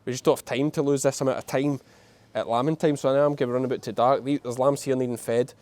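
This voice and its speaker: Filming his laid-back farm vlog outside, a young sheep farmer and channel host with a Scottish accent speaks frankly to the camera, dropping casual swears and local dialect. He talks fast in a steady, slightly mellow mid-range voice.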